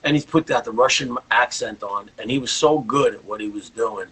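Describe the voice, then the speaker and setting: A man's voice: medium pitch, normal speed, pushed and bright, slightly rough, rough recording. An older man, a guest rock guitarist, telling rambling anecdotes in a casual interview.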